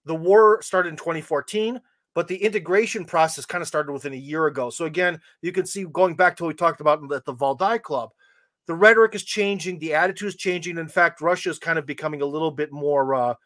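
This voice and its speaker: A man's voice: a little high, quick pace, a bit bright, no echo. An American man hosting a podcast, chatting casually in a loose, rambling way with wry asides. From United States. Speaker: podcast host. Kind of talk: casual chat.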